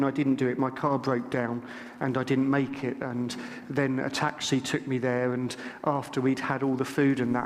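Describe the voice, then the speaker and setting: Middle-aged guy preaching in church, kinda high voice, lots of echo, tells stories and acts out the bits. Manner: humorous storytelling, acting out dialogue. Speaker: lead minister. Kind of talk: sermon. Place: church sanctuary. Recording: long church reverb.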